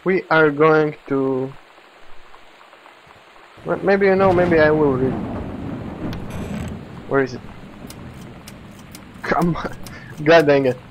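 A man's voice: a little high, takes it slowly, long pauses, lo-fi sound, a little hiss or hum. Man chatting over a game. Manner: reads in-game texts aloud, stumbling and laughing at them. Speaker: let's play gamer. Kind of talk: casual gameplay commentary.

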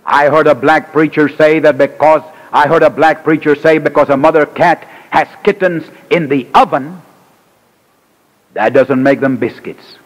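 Man, revival sermon, emphatic, rising and falling delivery, fairly high voice, church hall echo. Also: normal speed. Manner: emphatic preaching with sharp swings in pitch and loudness. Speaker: evangelist preacher. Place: church sanctuary. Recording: archival church recording with long reverb.

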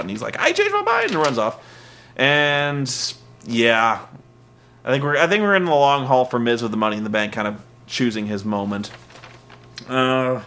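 A man hosting a comedic wrestling recap, sarcastic and profane with deadpan jokes. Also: mid-range voice, a little hiss or hum. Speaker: podcast host.

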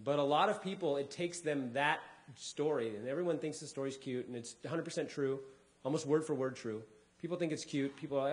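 A man's voice: medium pitch, fairly quick. A man doing a stand-up comedy set, telling a story with energy and slipping into voices for the people in it. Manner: animated storytelling, acting out voices. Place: lecture hall with a live audience.

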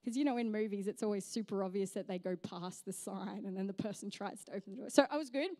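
A woman's voice: mid-range voice, fast, mellow, no echo. A young woman pastor, preaching a sermon and telling a funny story. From Australia. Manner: storytelling, humorous, self-mocking. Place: church stage.

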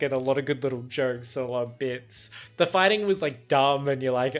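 A man's voice: mid-range voice, moderate pace, few pauses, fairly bright tone. A man with an Australian accent reacting to a film in casual chat, chatty and laughing often, with lots of fillers and some swearing. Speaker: movie reaction host.

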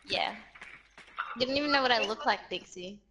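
Australian woman, swears, giggles, gaming chat, lively voice, clicking keys audible. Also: a little high, moderate pace, background noise. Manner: giggly, swears freely, animated. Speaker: streamer. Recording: loud keyboard clicks behind voice.

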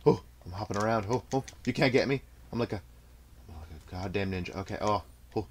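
Excitable young gamer, trash-talking. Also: male voice, on the low side, quick pace, a little hiss or hum. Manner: excitable, trash-talking, laughs at own jokes. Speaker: gameplay commentator. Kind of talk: live gameplay commentary.

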